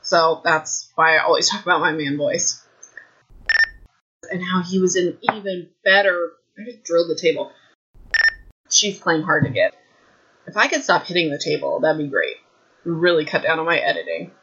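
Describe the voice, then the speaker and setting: A woman's voice: fairly low pitch, expressive, normal speed, pauses often, dull audio, noisy background. A young woman hosting a casual book recap podcast from home, chatty and rambling with self-deprecating asides. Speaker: podcast host. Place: home room. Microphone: desk mic.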